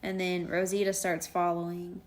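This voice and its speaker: A woman's voice: lowish voice, monotone, normal speed. A woman co-hosting a podcast, recapping at length in casual chat with many fillers. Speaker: podcast co-host.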